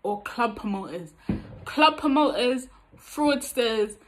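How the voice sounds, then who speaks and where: A woman's voice: a little high, slow pace, slight background noise, poor audio. A young woman with an East London accent gives dating advice in a casual vlog, acting out both sides of conversations and using plenty of street slang. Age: young adult. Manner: animated, acts out both sides of chat-up lines; street slang, tag questions like "you get me?". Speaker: vlogger giving dating advice.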